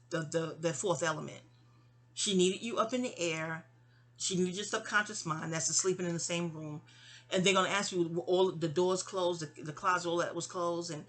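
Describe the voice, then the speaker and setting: A woman telling a personal story in a rambling way, full of stammering restarts and asides to her listeners. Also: on the low side. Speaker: memoir storyteller.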